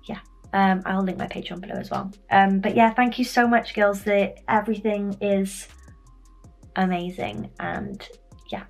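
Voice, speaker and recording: A young woman gushing with excitement as she opens parcels in a casual vlog, full of fillers and exclamations. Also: mid-range voice, a little slow, soft background music. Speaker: stationery vlogger. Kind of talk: unboxing vlog.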